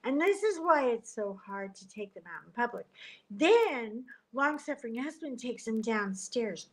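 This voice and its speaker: A middle-aged woman chatting casually on a livestream from a hotel room, animated, joking and gasping as she talks into a tablet. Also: a little high, moderate pace, poor audio. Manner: chatty and animated, jokes and gasps. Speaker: livestream host. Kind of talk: casual live chat. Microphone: tablet camera.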